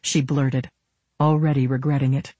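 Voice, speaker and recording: A narrator reading an audiobook with steady pacing. The voice is husky, mid-pitched, and recorded close and dry. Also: moderate pace, no echo. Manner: steady storytelling. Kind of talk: scripted narration.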